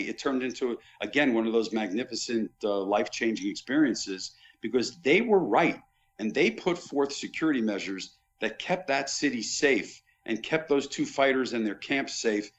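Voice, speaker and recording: Male raconteur with a medium voice, casual anecdotal podcast guest, dull recording. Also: mid-range voice. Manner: animated raconteur, vivid recollections. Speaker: podcast guest, former boxing pay-per-view executive. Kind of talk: anecdotal storytelling in casual chat.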